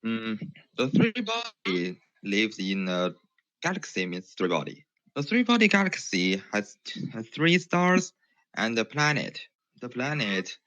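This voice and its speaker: A man calls in and explains at length in a second language, often stopping to restart his sentences. His voice is low but swings widely in pitch and sounds bright. The call audio is dull and muffled. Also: dry recording. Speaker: caller. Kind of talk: casual chat in a second language.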